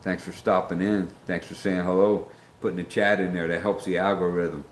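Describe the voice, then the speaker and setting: This is a middle-aged man on a casual livestream, greeting viewers in chat by name as he rambles. He talks in a low, flat voice at a moderate pace, with slight background noise in a roomy space carrying faint ambience.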